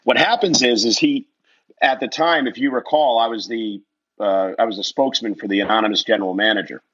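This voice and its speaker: Bright, husky man spinning a lively story. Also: mid-range voice, fairly quick, lo-fi sound. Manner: lively storyteller, laughs often. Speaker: wrestling commentator telling a story as a guest. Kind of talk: animated personal anecdote.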